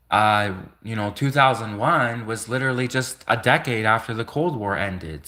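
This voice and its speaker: A man rambles through a casual live stream monologue at an ordinary mid pitch. He repeats and restarts his thoughts and keeps breaking into little chuckles as he talks to his viewers. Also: sharp tone. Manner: rambling, chuckles between remarks, repeats himself.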